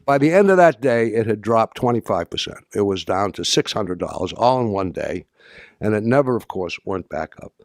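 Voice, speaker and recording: An older man giving an anecdotal talk to an audience, halting with restarts and dry humor. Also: on the low side, no echo. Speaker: speaker addressing an audience.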